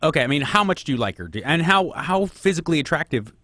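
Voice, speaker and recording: A man's voice: on the high side, big pitch swings, fast, sharp tone, no room sound, studio quality. A man hosting a call-in radio advice show, giving frank advice and firing off probing questions. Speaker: radio host.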